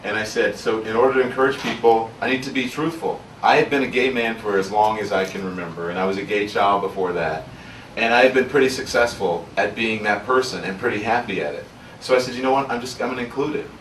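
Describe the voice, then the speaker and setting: A man's voice: lowish voice, fast, a bit bright, a little hiss or hum. A man from Louisiana, an author speaking candidly to an audience at a book signing, telling his story in an earnest, reflective way. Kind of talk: candid personal talk to an audience. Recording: roomy sound from far off, faint ambience.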